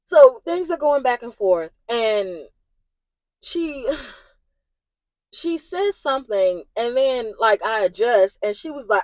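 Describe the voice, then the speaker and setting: A young woman venting about a family fight, her fairly high voice climbing into near-yelling as she replays the argument. The sound is dry and close, with no room around it. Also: lively intonation, slow pace, dry recording, poor audio. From Indiana. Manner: agitated, rising to yelling in retold arguments. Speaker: vlogger. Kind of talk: emotional storytime.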